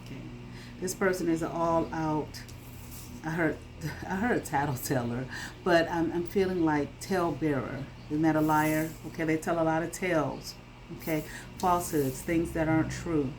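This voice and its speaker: A woman's voice: low-pitched, normal speed, background noise. Emphatic woman giving a tarot reading. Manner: emphatic, checks in with frequent "okay?"; blunt, swears freely. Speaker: tarot reader. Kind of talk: casual spoken tarot reading.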